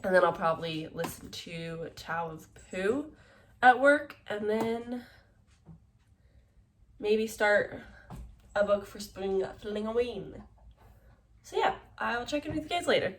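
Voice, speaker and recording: A woman's voice: medium pitch, animated, slow pace, pauses often, a little hiss or hum. A woman in her twenties chatting casually in a book vlog, rambling with lots of fillers. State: tired, yawning. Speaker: book vlogger.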